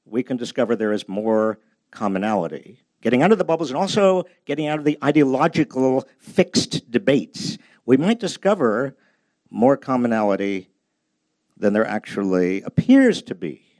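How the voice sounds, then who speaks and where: Lively older man telling stories. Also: medium pitch, normal speed, dry recording. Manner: storytelling, self-deprecating, acts out dialogue. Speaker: author giving a book talk. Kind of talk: humorous anecdotal lecture. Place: public library event space.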